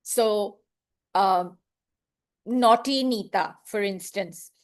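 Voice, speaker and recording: A woman training librarians in an online webinar, speaking patiently and sounding out words syllable by syllable. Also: mid-range voice. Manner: slow, patient, clapping out syllables.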